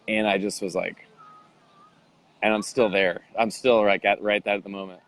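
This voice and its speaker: A man's voice: lowish voice, flat delivery, normal speed, fairly bright tone, poor audio. A man being interviewed, telling a story animatedly and acting out the voices of people he quotes. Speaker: interview guest, bodybuilder.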